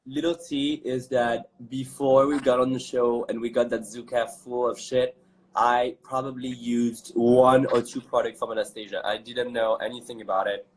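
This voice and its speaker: A man's voice: medium pitch, flat delivery, moderate pace, poor audio. A young man from France with a French accent, hosting a casual live chat as a drag performer, campy and chatty, reading comments aloud.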